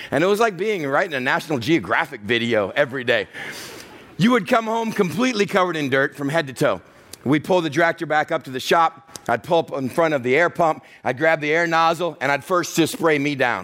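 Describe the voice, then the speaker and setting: Animated pastor telling a story. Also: male voice, mid-range voice. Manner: animated storytelling, acting out voices of others. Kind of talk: sermon with personal story.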